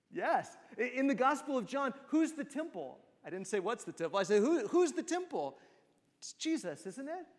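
A man preaching a sermon in a church, asking the congregation rhetorical questions. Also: high-pitched. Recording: long church hall reverb.

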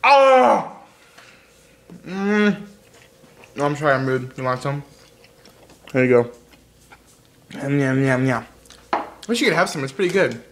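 A man's voice: on the high side, very animated, measured pace, long pauses, a bit bright, a little hiss or hum. A young man chatting casually in a home vlog, rambling and goofy, jumping between topics while he eats. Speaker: vlogger.

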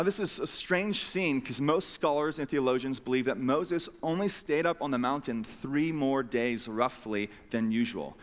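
Man, pastor, sermon, casual animated storytelling, mid pitch, long hall echo. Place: church sanctuary.

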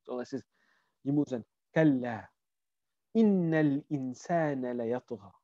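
A man's voice: mid-range voice, fast, warm tone, no room sound, highs cut off. A man teaching a Quran Arabic lesson online, explaining word by word and asking his students questions. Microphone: video call.

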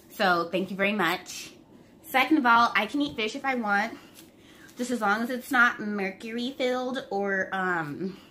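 A young woman chats to the camera while she eats, loose and foul-mouthed in a casual vlog. Her voice is bright and forward, with a middling pitch for a woman. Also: a little hiss or hum. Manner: chatty and profane, talking while eating. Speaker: vlogger.

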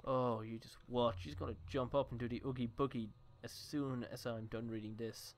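A man's voice: medium pitch, fairly even intonation, moderate pace. A man casually joking and swearing as he thinks aloud while playing a horror game. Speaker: let's play gamer.

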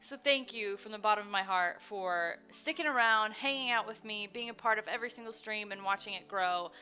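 A woman livestreaming in casual chat, excitable and given to loud, sweary outbursts. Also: medium pitch, brisk. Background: background music.

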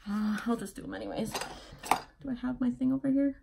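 A woman's voice: on the high side, fairly even intonation, normal speed, creaky, heavy background noise. Chatty pregnant young woman, rambling. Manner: chatty, rambling with many fillers. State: heavily pregnant, a little out of breath. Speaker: vlogger. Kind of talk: casual getting-ready vlog. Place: at home getting ready.

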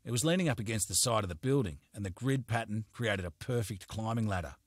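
A man narrating a crime novel as an audiobook in a steady, measured storytelling manner, recorded on a close studio mic. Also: on the low side, breathy edge, no room sound.

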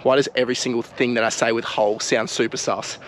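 A young Australian man vlogging outdoors, talking excitedly and casually to his viewers, with plenty of slang. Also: mid-range voice, fast talker, slight background noise. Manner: excitable, slangy, swears mildly, addresses viewers as guys. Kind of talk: casual vlog narration to camera. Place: outdoors in mangrove mud flats.

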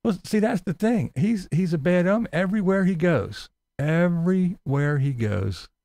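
A man with a gravelly, fry-laden voice hosts a live-stream commentary. He rants in a sarcastic, mocking way, swears freely and laughs often. His voice sits close and dry, with no room around it. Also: high-pitched, expressive, a little slow, a little mellow, no echo. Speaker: YouTube commentary host reading live chat.

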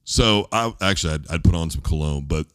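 A man's voice: low-pitched, a little fast, fairly bright tone, smooth, no echo. A man in his thirties hosting a casual sports talk show, loose and rambling, often repeating words as he starts a thought. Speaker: show host.

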